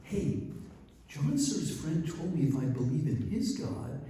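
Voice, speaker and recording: A man putting on the voice of an excited Nepali village man who chatters eagerly, heard in an echoey hall from a distance. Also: a little high, a little slow, slight background noise, pitched above the performer's own voice.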